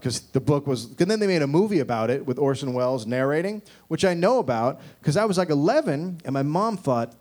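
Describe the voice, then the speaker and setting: A man in his forties doing a rambling, profane stand-up set, with shouted mocking impressions. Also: medium pitch, expressive, normal speed, hardly any pauses. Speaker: stand-up comedian. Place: comedy club stage with live audience.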